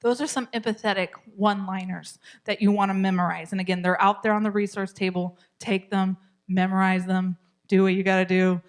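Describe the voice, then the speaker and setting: A middle-aged woman teaching a parenting class in a church, chatty and laughing, sometimes dropping to a soft whisper to show a calm tone. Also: mid-range voice, a little fast. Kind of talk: live class talk.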